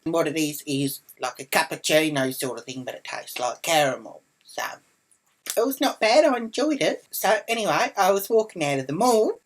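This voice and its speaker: A woman's voice: low-pitched, low-quality recording. Brash, swearing Australian woman ranting. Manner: brash, swearing, indignant, acting out quotes. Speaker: vlogger. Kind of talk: ranting storytime monologue.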